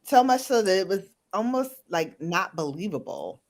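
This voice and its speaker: A woman hosting a casual chat while doing her makeup, talking about a TV show in a chatty, animated way. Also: mid-range voice, moderate pace. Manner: chatty, animated, recounting shows. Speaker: host.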